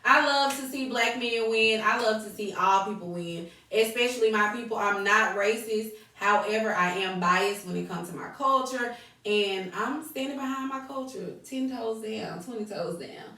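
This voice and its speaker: A middle-aged woman co-hosting a casual podcast with her husband, talking in an animated way and laughing often. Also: on the high side, normal speed. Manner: animated, laughing, quotes people in put-on voices. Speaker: podcast co-host. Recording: echoey room, mic at a distance.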